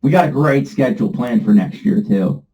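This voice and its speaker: A man's voice: mid-range voice, expressive, moderate pace, mellow, muffled recording. A man co-hosting a casual movie podcast, playful and jokey, fond of silly accents. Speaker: podcast co-host.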